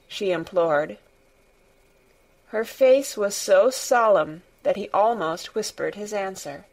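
A woman reading a classic children's novel aloud as an audiobook narrator, in a calm, measured storytelling manner. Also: mid-range voice. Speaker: audiobook reader. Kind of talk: scripted narration.

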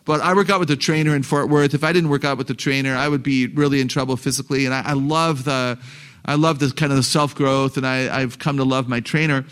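A man's voice: mid-range voice, steady tone, fast, a bit bright, smooth. A man giving a live talk to parents, joking and asking the audience questions. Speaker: parenting seminar speaker.

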